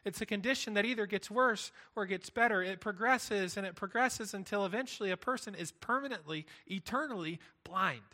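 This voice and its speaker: A man's voice: sits high, brisk, few pauses, bright, forceful tone. A man preaching a sermon, earnest and emphatic, building points through repetition. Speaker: pastor.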